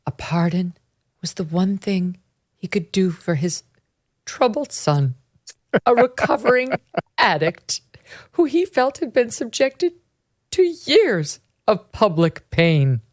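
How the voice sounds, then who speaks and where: A woman's voice: medium pitch, sing-song, extremely slow, long pauses, heavily acted. A woman putting on a 1950s Hollywood mid-Atlantic accent, reading text in a theatrical, mock-dramatic way.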